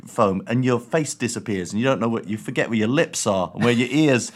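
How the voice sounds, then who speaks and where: A man from England co-hosting a podcast, dry and deadpan, talking with hesitant ums. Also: mid-range voice, a little fast. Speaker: podcast co-host. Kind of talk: casual comedic chat.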